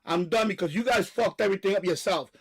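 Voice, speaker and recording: A man hosting a live stream, delivering a loud, profane, repetitive rant and stopping now and then to catch his breath. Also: high voice, fast, breathy edge, poor audio. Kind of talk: ranting live stream monologue.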